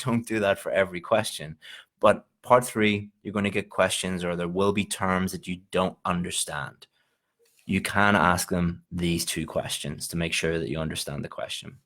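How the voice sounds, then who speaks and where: A man with a very low voice delivers an exam-preparation lecture. He keeps it informal and encouraging, with casual asides and an easy laugh now and then. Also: a bit bright. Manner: informal and encouraging, with frequent "you know" and small laughs. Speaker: IELTS teacher. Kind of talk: recorded lecture.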